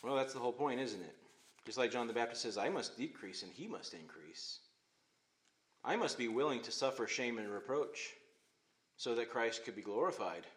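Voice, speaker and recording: A male pastor preaching a sermon, swinging between emphatic loud phrases and hushed, quiet ones. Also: medium pitch, animated, moderate pace. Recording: echoey room.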